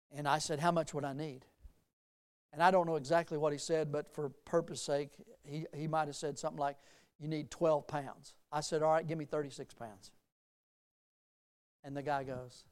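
A middle-aged male pastor preaching a sermon, telling folksy personal stories and rising to emphatic, lively preaching. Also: a little high, moderate pace, clear, resonant tone.

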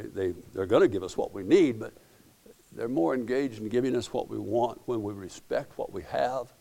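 A man's voice: medium pitch, creaky, dark tone. A middle-aged man, preaching a sermon as pastor in a folksy storytelling way, often repeating and restarting words.

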